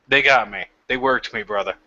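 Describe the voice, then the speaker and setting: A man's voice: mid-range voice, a little fast, sharp tone. A man co-hosting a casual wrestling chat, laid back and swearing casually. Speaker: co-host. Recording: dull lo-fi mic.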